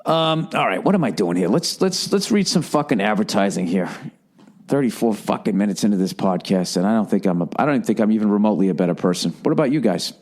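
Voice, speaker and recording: Speaking fast and with plenty of animation, the man hosting this podcast has a lowish, darkish voice. He rambles through a casual, foul-mouthed rant, mocking himself and mimicking people.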